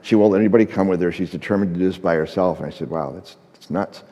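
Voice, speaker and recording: A middle-aged man with a fairly low voice tells a story on a conference stage, acting out each line of dialogue between fillers. His tone is mellow and relaxed. The sound carries the long reverb of a big hall. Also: racing, muffled recording. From United States. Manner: anecdotal, acts out dialogue, frequent fillers. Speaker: conference speaker, photographer. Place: large conference stage before an audience.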